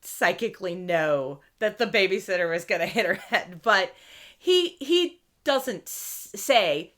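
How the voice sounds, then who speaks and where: Lively bright-voiced woman podcast host. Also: mid-range voice, a little slow. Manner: animated, acts out quotes in character voices. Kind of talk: casual recap chat.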